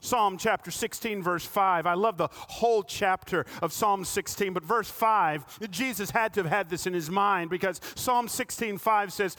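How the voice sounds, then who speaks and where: A pastor delivers a sermon in a notably high voice for a man. He tells stories and presses his congregation with rhetorical questions. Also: normal speed, hardly any pauses, bright, forceful tone.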